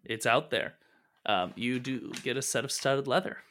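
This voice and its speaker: A man narrating as game master in a tabletop game, relaxed and halting, correcting himself as he goes. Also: medium pitch, a little hiss or hum.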